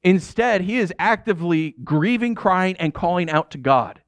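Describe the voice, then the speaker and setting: A middle-aged pastor giving a sermon in a conversational, jokey way, often asking the audience questions. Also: male voice, sits high, expressive, normal speed, no echo.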